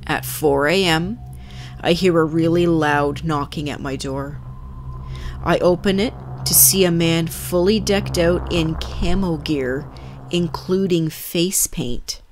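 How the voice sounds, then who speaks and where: Low-voiced woman reading scary stories. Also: slow pace, slight background noise. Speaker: narrator. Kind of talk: scripted narration of scary stories.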